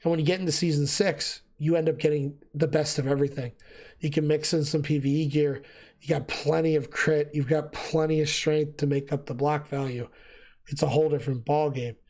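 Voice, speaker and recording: A man talks through his game setup in an easy, unscripted way, pausing on fillers as he works things out. His voice sits a little high and is worn, as he is losing it. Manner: relaxed, thinking aloud with fillers. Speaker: gaming video host. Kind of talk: casual gameplay gear explanation.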